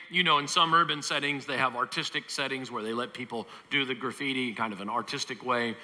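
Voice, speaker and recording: Bright-voiced pastor preaching in a hall. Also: male voice, medium pitch. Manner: animated storytelling, acts out biblical characters. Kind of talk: sermon.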